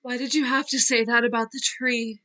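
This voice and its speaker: Actress as tearful young Nina. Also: female voice, a little high, level tone, brisk, pushed and bright, low-quality recording. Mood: wistful. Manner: wavering, laughing through tears, trailing off. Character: young actress Nina, fragile, restless, wistful. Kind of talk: virtual play reading. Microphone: video call.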